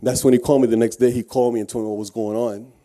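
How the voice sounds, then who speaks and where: Mellow-voiced man recounting a true ordeal. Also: medium pitch, level tone, racing. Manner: earnest storytelling with frequent restarts. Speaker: guest speaker. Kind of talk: personal testimony speech.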